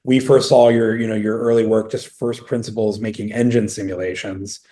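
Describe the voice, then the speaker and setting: A man's voice: lowish voice, little pitch movement, normal speed, warm tone. A man interviewing a guest, asking eager, rambling questions full of hedges and asides. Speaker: interviewer, company co-founder.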